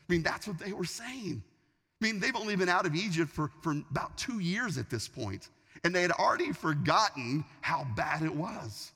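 A man delivers a sermon with an animated storyteller's flow, stumbling over and restarting his sentences. His voice is bright and forceful and swings widely up and down in pitch. The sound carries the long reverb of a large hall. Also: moderate pace, slightly rough. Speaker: pastor.

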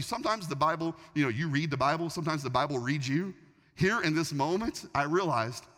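A man preaching a sermon, telling a story in an animated way, often restarting his sentences. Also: fairly high pitch. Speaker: pastor. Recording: long reverb of a large hall.

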